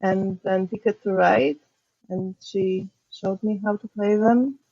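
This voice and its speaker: Young woman from poland, slow and halting, gravelly voice, dry dull sound. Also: mid-range voice, fairly even intonation, mellow, no room sound. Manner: hesitant, halting, laughs often. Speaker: podcast guest. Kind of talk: casual chat.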